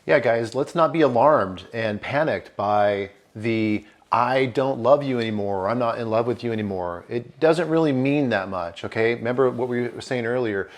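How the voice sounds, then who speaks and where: A man with a mid-range voice talks men through relationship trouble in a calm, reassuring way. He explains patiently and addresses his listeners directly. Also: medium pitch, moderate pace, few pauses. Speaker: relationship coach. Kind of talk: advice talk to men.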